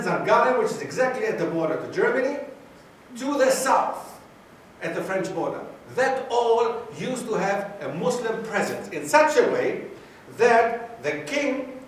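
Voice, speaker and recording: A man's voice: high-pitched, distant mic, slight background noise. A man from Greece giving a lecture to students, quizzing the audience and repeating key phrases. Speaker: guest lecturer. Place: university lecture room. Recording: very echoey hall, taped from afar.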